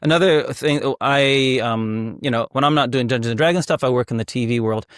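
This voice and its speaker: A man's voice: medium pitch, a little fast, a bit bright, no room sound. Hesitant male host, dry sound. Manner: thoughtful, hesitant, with fillers. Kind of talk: casual interview.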